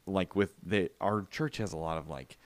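Middle-aged male co-host, lower register, animated and laughing storyteller, dry booth sound. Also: moderate pace, dry recording. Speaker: podcast co-host. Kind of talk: casual chat.

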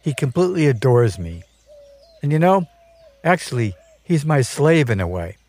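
A man's voice: medium pitch, sing-song, moderate pace, a little mellow, voice pushed up. A male storyteller voicing a proud, bossy woman who runs a jungle home, speaking in an airy, self-satisfied way. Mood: breezy, proud.

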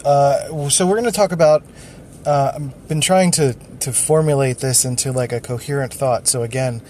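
A man's voice: medium pitch, moderate pace, darkish tone, slight background noise. A man hosting a solo podcast, thinking aloud in a loose, rambling way with frequent restarts. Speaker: podcast host.

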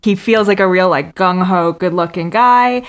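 A woman with a somewhat low voice talks in a relaxed podcast discussion. She laughs often and slips into playful acted-out quotes. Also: normal speed. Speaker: podcast co-host. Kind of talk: casual discussion.

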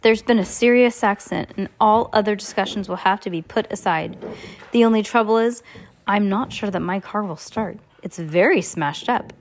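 A woman's voice: medium pitch, moderate pace, slight background noise, natural voice. A woman voicing a fussy, well-meaning adult man who talks primly and condescends to children, in an audiobook reading.

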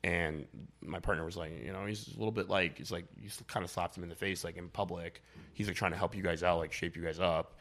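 Fast-talking young man, very low voice. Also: fairly even intonation, fairly bright tone. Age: young adult. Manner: rambling, heavy on "like" fillers, blunt, swears freely. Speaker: guest. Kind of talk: casual podcast chat.

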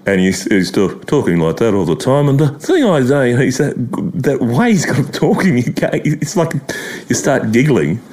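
A middle-aged Australian man chatting as a podcast guest, telling lively stories and breaking into laughs and quick impressions. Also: mid-range voice. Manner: animated storytelling with impressions and laughter. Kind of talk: casual chat.

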